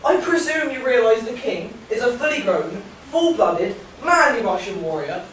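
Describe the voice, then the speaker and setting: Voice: medium pitch, big pitch swings, normal speed, fairly bright tone, a little hiss or hum. A performer playing a pompous, self-important male servant of the king in a school stage play, recorded far off in an echoey hall. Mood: scornful. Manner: pompous, fussy.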